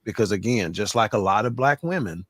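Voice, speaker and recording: Casting: low-pitched man, panel host, close dry mic, easygoing and jokey. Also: expressive, fairly quick, dry recording. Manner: moderating, jokey asides. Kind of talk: casual panel discussion on a live stream.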